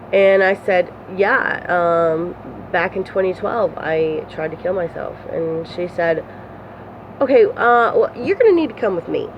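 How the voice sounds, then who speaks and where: A woman telling a personal story to her phone camera, rambling and candid, with many fillers, restarts and swearing. Her pitch climbs high when she relives distress. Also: lo-fi sound, a little hiss or hum. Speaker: vlogger.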